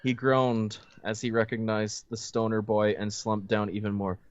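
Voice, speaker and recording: A man's voice: fairly low pitch, flat delivery, moderate pace, highs cut off. A man reading a fanfiction aloud for laughs, stopping now and then to joke about it. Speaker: reader of fanfiction. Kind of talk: comedic dramatic reading with banter.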